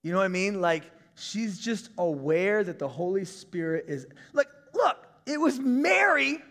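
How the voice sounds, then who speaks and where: A male pastor in his thirties preaching a conversational sermon, breaking into shouts now and then. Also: high voice, very animated, a little slow, big-room sound.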